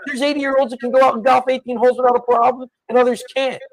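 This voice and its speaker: A man's voice: extremely high pitch, level tone, quick pace, creaky, no room sound, low-quality recording. A man co-hosting a podcast in casual political chat, laid-back and agreeable, often laughing along. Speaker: podcast co-host.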